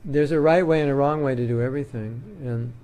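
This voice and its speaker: A man's voice: mid-range voice, brisk, mellow. A man giving a devotional talk to an audience as a spiritual teacher, in a conversational, joking way with homely examples.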